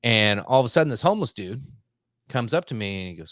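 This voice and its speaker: A man with a country-boy manner spins a long, rambling yarn on a podcast, with plenty of swearing and "um"s and "like"s. His voice sits at an everyday middle pitch, and the recording is close and dry. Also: sing-song, quick pace, a bit bright, no room sound. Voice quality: self-described simple country boy. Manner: rambling, profane, heavy on fillers. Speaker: podcast host. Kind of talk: casual storytelling.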